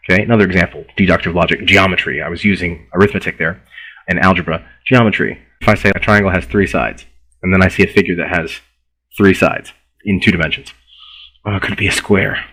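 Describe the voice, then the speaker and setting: Husky, low-voiced man lecturing. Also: steady tone, fast, bright, forceful tone, low-quality recording. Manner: conversational, repeats himself, restarts words. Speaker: philosophy lecturer. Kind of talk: university lecture.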